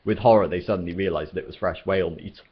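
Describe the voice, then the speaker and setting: A man with a low, husky voice reads a novel aloud at a steady, measured pace. The recording is muffled and lo-fi, like a home setup. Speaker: storyteller.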